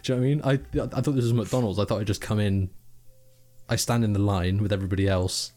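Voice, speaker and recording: A man's voice: lowish voice, fairly even intonation, quick pace, warm tone. A young man, co-hosting a podcast in casual chat, rambling and swearing freely as he mimics people. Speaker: podcast co-host.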